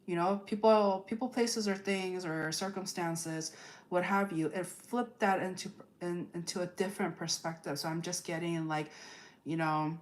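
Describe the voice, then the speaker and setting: A woman with a slightly low voice gives a live tarot reading in an unscripted, rambling way. She strings thoughts together with fillers and frequent "okay?" checks. When she quotes people, she slips into lively made-up voices. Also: normal speed. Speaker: tarot reader. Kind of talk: live astrology energy forecast.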